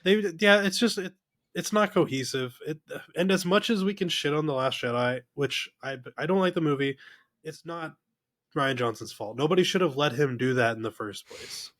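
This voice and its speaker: A man's voice: a little high, moderate pace, a bit bright, no echo. A man co-hosting a podcast, arguing his point in casual chat with a contrarian manner. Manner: argumentative, contrarian. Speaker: podcast co-host.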